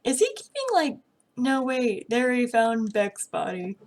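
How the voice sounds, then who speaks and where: A woman's voice: a little high, sing-song, moderate pace, darkish tone. A young woman vlogger ranting about a TV episode, exasperated, sarcastic and full of swearing. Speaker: reaction vlogger. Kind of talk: ranting reaction commentary.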